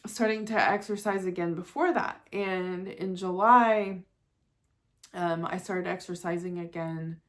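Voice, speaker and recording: Her voice is lowish and fairly even, her delivery measured. She's a woman who seems to be in her forties, sharing personal chat to camera in a casual vlog, candid and emotional, with the occasional laugh at her own expense.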